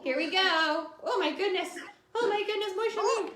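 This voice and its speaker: A woman leading a playful children's service, talking to small kids in an animated way. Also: very high voice, normal speed, background noise. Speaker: children's song leader. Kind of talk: lively children's service with guitar. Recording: roomy, with loud guitar.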